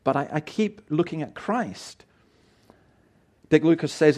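A middle-aged man delivers a sermon as a pastor. He speaks in an earnest, emphatic way, with a voice pitched a little above the usual for a man, and he often restarts and repeats words as he presses his point. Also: animated, unhurried, pauses often, a little mellow.

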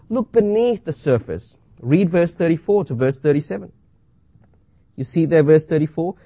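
A man preaching a sermon, reading scripture aloud and asking rhetorical questions with dramatic pauses. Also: fairly high pitch, animated, dark tone, slightly rough, dry recording.

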